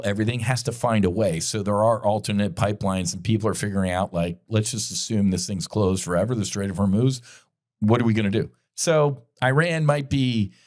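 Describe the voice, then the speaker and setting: A middle-aged man hosting a podcast, delivering an impassioned, blunt commentary monologue with frequent profanity and direct appeals to his listeners. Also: on the low side. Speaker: podcast host.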